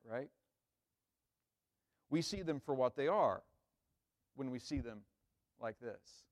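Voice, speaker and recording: A man's voice: medium pitch, normal speed, pauses often. A man preaching a sermon in a conversational way, often checking in with "right?" and acting out quoted lines. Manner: acts out the disciples' lines with rising emphasis. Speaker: pastor.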